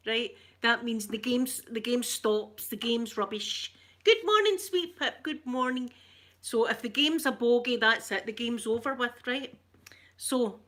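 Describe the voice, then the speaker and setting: A woman's voice: a little high, a bit bright. A middle-aged woman with a Glaswegian Scottish accent, chatting casually with her live stream viewers, greeting them by name and laughing often. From Scotland.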